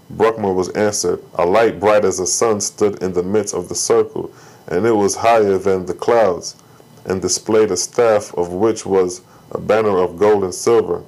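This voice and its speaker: A man reads an ancient religious text aloud, unhurried and measured. His voice sits a little low, and each verse comes out with steady, solemn care. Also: poor audio. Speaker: scripture reader. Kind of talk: solemn scripture reading.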